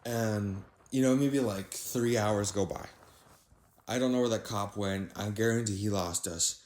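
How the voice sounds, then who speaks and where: A young man casually narrating a storytime anecdote, voice jumping higher when he quotes his own disbelief. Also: unhurried. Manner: animated, rises sharply when quoting himself in disbelief. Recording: echoey room.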